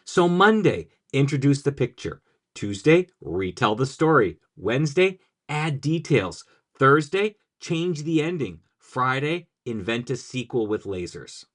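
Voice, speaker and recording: A man's voice: medium pitch, very animated, a little slow. A man giving a scripted, upbeat explainer on language teaching, with a punchy, jokey delivery.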